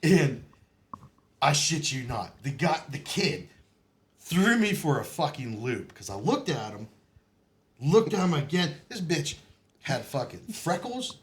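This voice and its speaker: A man's voice: a little high, very animated, unhurried. Profane laughing man telling war stories. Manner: profane, laughing, acts out quotes loudly. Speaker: podcast guest. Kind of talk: casual storytelling.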